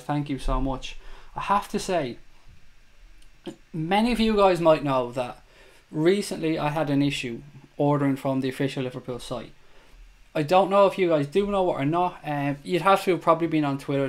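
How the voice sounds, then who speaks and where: A man with a slightly higher voice hosts a fan chat show livestream from home, talking straight into his camera. He chats casually and with feeling, reading out viewers' comments and answering them. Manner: chatty, emotional, reads viewer comments aloud.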